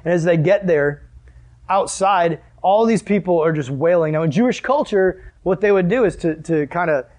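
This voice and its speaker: Male pastor with a high voice, giving a casual, storytelling sermon. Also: normal speed, darkish tone. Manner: conversational, acts out the scenes he tells.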